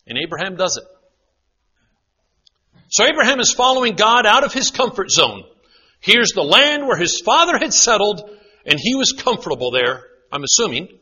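Male preacher, sermon, high lively voice, bright husky tone, lo-fi recording. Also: moderate pace, long pauses. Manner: dramatic, drops to a hush for quoted lines. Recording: dull lo-fi sound.

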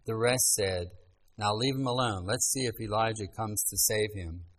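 A man preaching a sermon, reading scripture aloud in an earnest, measured way with pauses. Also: fairly low pitch, fairly bright tone, rough recording.

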